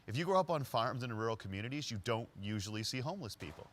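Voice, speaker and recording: A man giving a storytelling talk as a leadership speaker, narrating conversationally and quickly. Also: medium pitch. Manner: conversational, quick narration with lively quoted voices.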